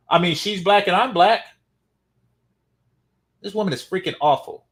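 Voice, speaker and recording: A man's voice: high-pitched, normal speed, pauses often, a bit bright. A man hosting a reaction commentary, sarcastic and mocking. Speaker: commentary channel host.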